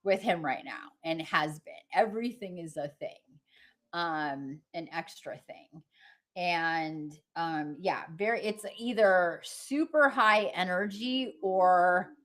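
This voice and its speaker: Slow-talking chatty woman livestreamer. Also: fairly low pitch, a bit bright. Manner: chatty, meandering, many fillers and restarts; laughs easily while talking. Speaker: livestream host. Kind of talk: casual rambling livestream chat.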